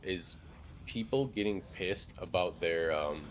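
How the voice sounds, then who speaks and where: Low-voiced man rambling on a game stream. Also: slow pace, a little hiss or hum. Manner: rambling, loose, heavy on "like" fillers and swearing. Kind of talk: casual live-stream chat while gaming.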